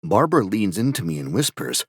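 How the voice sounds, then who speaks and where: An actor playing an uneasy young man narrating a tense scene in an audio drama, in a watchful, measured way. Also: on the low side, sing-song, husky, no echo, studio quality, exaggerated voice. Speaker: narrating character.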